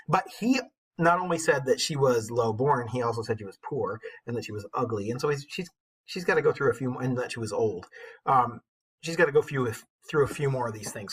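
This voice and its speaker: A man's voice: mid-range voice, a bit bright, slightly rough, rough recording. A man teaching an online English lesson, chatty and enthusiastic, with self-mocking asides.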